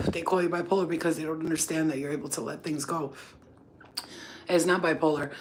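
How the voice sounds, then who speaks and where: A woman's voice: lowish voice, a little hiss or hum. A woman hosting a live stream in casual chat, blunt and profane, laughing often. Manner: acts out quoted people in lively voices. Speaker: live-stream host doing readings.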